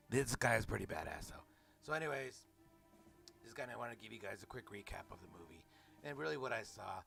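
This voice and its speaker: A man's voice: lowish voice, expressive, fairly quick, vocal fry, a bit bright, soft background music. A man giving a rambling, sarcastic comedic movie recap, mocking the fans. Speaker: movie reviewer.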